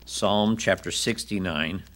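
A man's voice: low-pitched, takes it slowly, a bit bright, a little hiss or hum. A man preaching a sermon, reading Bible passages and adding conversational asides to his listeners.

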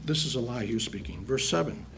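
A man's voice: mid-range voice, lively intonation, brisk, creaky, fairly bright tone, slight background noise. A man preaching a sermon, reading Bible verses aloud and then putting them into plain everyday words, calling his listeners brethren. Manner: reads verses then paraphrases in plain talk, addresses congregation as brethren.

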